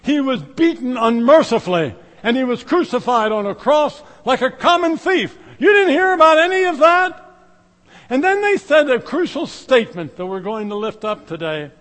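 A middle-aged male preacher delivering a sermon with a high, very animated voice. He swings from loud, emphatic exclamations to hushed, drawn-out phrases. His voice rings with the long reverb of a church sanctuary.

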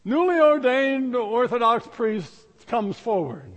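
A male pastor preaching a sermon and telling a story, dropping to hushed asides and rising to loud emphasis. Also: very high-pitched, very animated, takes it slowly, in a large hall.

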